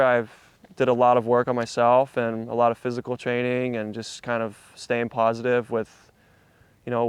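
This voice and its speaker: A man's voice: mid-range voice, clean tone, no room sound. A young man from Hawaii, a surfer telling a story in a casual interview with laid-back slang and a lot of swearing.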